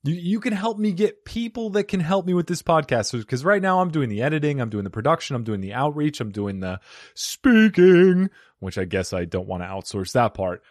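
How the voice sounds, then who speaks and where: A male podcast host talks in a loose, joking way, happy to poke fun at himself. His voice sits at a middling pitch and sounds close and dry on a studio mic. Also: lively intonation, quick pace, hardly any pauses, no echo. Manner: joking, self-deprecating, hyped. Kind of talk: casual podcast intro and chat. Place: home studio in Arizona. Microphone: studio microphone.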